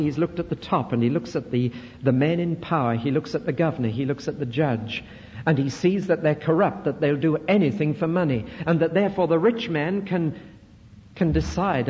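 A man's voice: on the high side, a little mellow, a little hiss or hum. A British man preaching a sermon, emphatic and fond of repeated rhetorical questions. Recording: dull recording in a reverberant hall.

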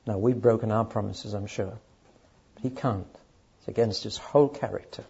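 A man's voice: fairly low pitch, fairly even intonation, normal speed, vocal fry, warm tone, breathy edge, highs cut off. A man preaching a sermon to a live audience, emphatic and speaking straight to the listeners. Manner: emphatic, addresses audience directly.

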